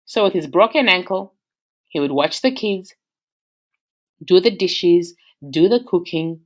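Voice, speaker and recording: Australian woman storyteller, casual and animated, slightly low-pitched voice. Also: measured pace. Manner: animated, conversational, shifts pitch for emphasis.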